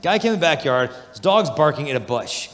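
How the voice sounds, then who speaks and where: A man giving an energetic youth conference talk, telling animated stories and acting out the voices of people he describes. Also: on the high side, brisk. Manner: animated storytelling, acts out quoted voices. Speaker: conference speaker. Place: large hall. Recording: long hall reverb.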